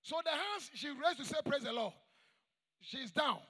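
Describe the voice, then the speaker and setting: A man preaching a sermon to a church congregation, emphatic and call-and-response, with shouted high points. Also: very animated, normal speed. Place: large church hall. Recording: long echoing church reverb.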